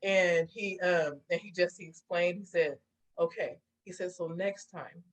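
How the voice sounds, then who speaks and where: A woman's voice: fairly low pitch, measured pace, low-quality recording. A woman guest in a casual interview, telling stories with lots of laughter and acting out what people said. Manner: animated storyteller, laughs often, acts out voices. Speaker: guest therapist.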